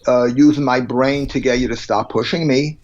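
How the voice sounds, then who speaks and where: A man's voice: mid-range voice, steady tone, normal speed, darkish tone, muffled recording. A man being interviewed as a psychologist on a podcast, speaking bluntly and emphatically and arguing through plain everyday examples. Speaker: psychologist guest.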